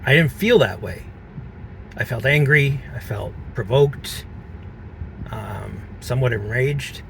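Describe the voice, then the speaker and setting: A man vlogging from inside a car, with a gravelly, fry-edged voice. He talks earnestly and haltingly, pausing on fillers as he reflects. A faint vehicle hum sits under his voice. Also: mid-range voice, lively intonation, fairly bright tone. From Canada. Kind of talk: reflective personal vlog.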